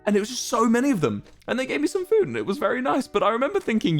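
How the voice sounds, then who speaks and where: A man's voice: very high-pitched, racing, few pauses. Young streamer guy rambling thru a story, voice all over the place, faint music behind. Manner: rambling, self-amused, lively anecdote telling. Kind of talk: casual storytelling to chat.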